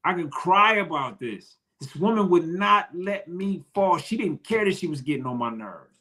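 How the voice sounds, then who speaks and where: A man's voice: high-pitched, expressive, moderate pace, sharp tone. A man from Detroit, a podcast guest, talking earnestly and repeating his phrases. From Detroit, Michigan. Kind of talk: emotional interview talk.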